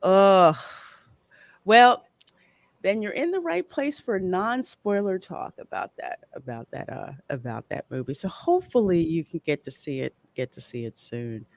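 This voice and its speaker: A woman's voice: fairly low pitch, unhurried, vocal fry, no room sound, clean studio sound. A woman hosting a casual livestream, greeting viewers and reading out their chat comments. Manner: warm greetings, animated. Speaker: host.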